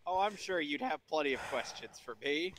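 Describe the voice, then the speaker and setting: A man's voice: a little high, lively intonation, normal speed, fairly bright tone, a little hiss or hum. A man co-hosting a comedy podcast, playful and goofy in casual banter. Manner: playful, goofy, breaks into song. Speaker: podcast co-host. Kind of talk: casual chat with jokes.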